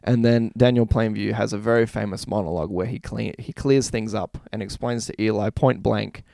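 A man's voice: fairly low pitch, fairly even intonation, brisk, gravelly, hardly any pauses, mellow, no room sound. A young man chatting casually on a podcast, laughing often as he retells a film scene by scene. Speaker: podcast co-host. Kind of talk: casual chat.

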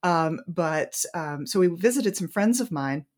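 A woman's voice: on the low side, expressive, measured pace, darkish tone. A woman author, a guest on the show, telling a casual anecdote in a chatty way with frequent ums and laughs. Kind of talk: casual storytelling in interview.

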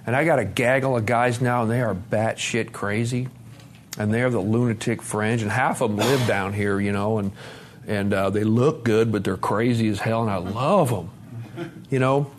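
A man in his forties giving a recovery testimony at a conference, storytelling in a lively, profane way, swinging from loud to soft. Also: lowish voice, moderate pace, slight background noise. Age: 40s. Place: conference hall talk.

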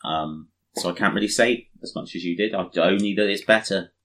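A tired man chatting casually about a tabletop wargame, relaxed and laughing easily. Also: low-pitched, brisk. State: tired, yawning.

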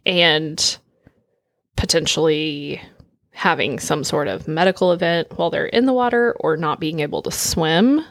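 A woman from Oklahoma co-hosting a podcast in casual chat, with wry, deadpan asides. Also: low voice, measured pace, no echo, clean studio sound. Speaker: podcast co-host.

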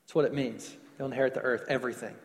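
A man's voice: medium pitch, fairly even intonation. Preaching man in a reverberant hall. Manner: preaching with slowed emphasis and falling soft endings. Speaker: pastor. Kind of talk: sermon.

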